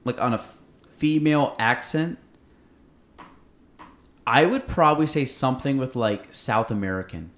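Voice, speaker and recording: A man's voice: mid-range voice, a little slow, pauses often, a bit bright. A man hosting a casual podcast, rambling and self-interrupting while he asks curious questions. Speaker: podcast host. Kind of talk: casual chat. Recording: roomy echo.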